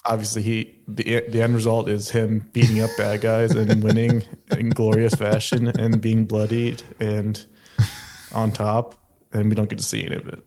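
A man's voice: on the low side, completely flat delivery, moderate pace, mellow. A young man co-hosting a review podcast, laid-back and matter-of-fact. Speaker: podcast co-host. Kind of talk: casual review chat.

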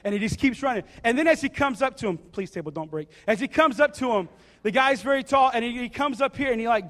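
A man preaching a sermon, joking and acting out a story in a casual, animated way. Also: high-pitched. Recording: reverberant hall.

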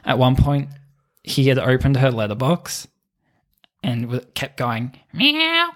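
A man's voice: medium pitch, steady tone, a little slow. Giggly man telling stories. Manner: giggly, swears often. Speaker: podcast co-host. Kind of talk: casual chat.

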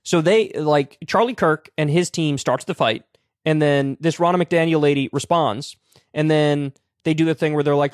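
A man with a somewhat high voice hosts a talk show, reading articles aloud and breaking off to mock them with blunt, profane sarcasm. The sound is dry and close, with no room around it. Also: moderate pace, dry recording. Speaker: political commentary show host.

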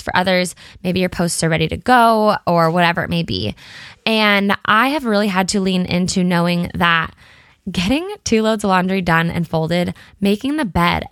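A woman's voice: medium pitch, a bit bright, no room sound, clean studio sound. A woman in her thirties, a podcast host and blogger, chatting candidly and casually with many fillers and quoted asides. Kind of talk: casual solo chat.

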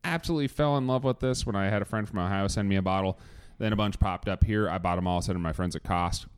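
A man's voice: sits low, quick pace, clear, resonant tone. A man hosting a casual whiskey tasting podcast, enthusiastic and joking, with some cursing. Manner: enthusiastic, joking, swears freely. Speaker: podcast host.

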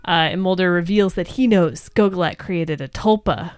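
A woman's voice: lowish voice, normal speed, a little mellow, clean tone, no echo. A young adult woman co-hosting a podcast, recapping a TV episode in chatty, joking conversation. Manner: chatty, joking, lots of fillers. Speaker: podcast co-host. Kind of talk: casual episode recap chat.

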